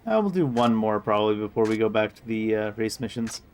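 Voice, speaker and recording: A man's voice: on the low side, expressive, fairly quick, a little mellow, smooth. A man streaming a video game, giving casual commentary with wry, offhand asides.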